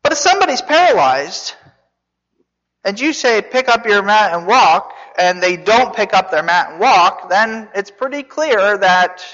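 A preacher giving a sermon, telling the story with animated asides, rhetorical questions and jokes. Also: medium pitch. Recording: dull reverberant hall recording.

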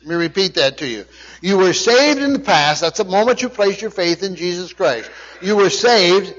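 A man's voice: sits high, lively intonation, moderate pace, fairly bright tone. A man preaching a sermon, repeating his points emphatically and checking in with his listeners. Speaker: pastor. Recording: dull lo-fi sound.

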